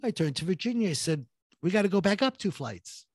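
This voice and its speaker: A man's voice: sits high, very animated, a little fast, husky, no echo, clean studio sound. A New man telling a harrowing story. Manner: vivid, reenacts dialogue, builds suspense. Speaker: guest telling his story. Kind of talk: emotional personal storytelling.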